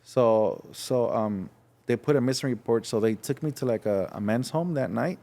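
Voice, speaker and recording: A man's voice: medium pitch, moderate pace, vocal fry, dark tone. Young LA guy telling his story on a podcast, frank, stop-start, does the voices. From Los Angeles. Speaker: guest. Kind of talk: casual storytelling.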